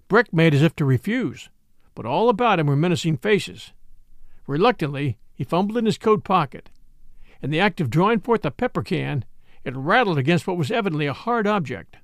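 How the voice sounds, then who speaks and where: A man reading an adventure story aloud as scripted narration, with expressive delivery. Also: on the high side, brisk, no echo, studio quality. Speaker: audiobook reader.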